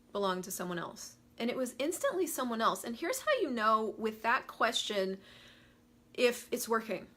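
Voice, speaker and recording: A woman talks casually on a live stream, animated and quick to greet viewers by name. Her voice sits a little high and rings very bright and forward. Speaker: host of a live money talk.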